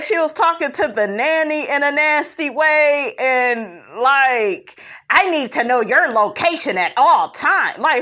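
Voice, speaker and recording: Brief: sassy woman host, higher voice, dull lo-fi sound, opinionated recap chatter. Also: a bit bright. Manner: sassy and emphatic, calls listeners honey and child. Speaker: podcast host recapping a reality show. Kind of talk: opinionated casual commentary.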